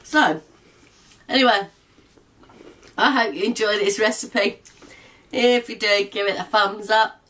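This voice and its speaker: A woman's voice: mid-range voice, a little slow, pauses often, fairly bright tone. A middle-aged woman hosting a home baking video, chatting casually and laughing often. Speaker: cooking vlog host.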